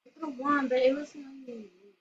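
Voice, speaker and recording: A woman hosting her own channel, excitedly commenting on a game she plays, squealing and laughing. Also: high-pitched, fast. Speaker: gaming channel host. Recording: lo-fi with noisy background.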